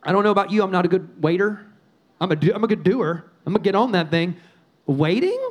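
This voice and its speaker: A middle-aged pastor preaches a sermon quickly in a high voice. He is animated and punchy, dropping quoted asides and repeating phrases.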